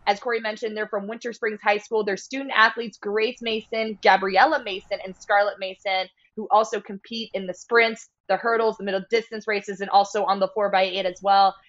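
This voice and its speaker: A woman co-hosting a track podcast, her voice slightly hoarse. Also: mid-range voice, level tone, fairly quick, hardly any pauses, a bit bright, muffled recording. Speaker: podcast co-host. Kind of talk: sports podcast chat.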